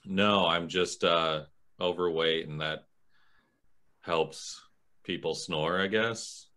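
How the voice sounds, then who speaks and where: A man's voice: low-pitched, fairly even intonation, takes it slowly, sharp tone. A man co-hosting a podcast, self-deprecating and laughing, acting out characters in a casual movie review chat. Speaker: podcast co-host.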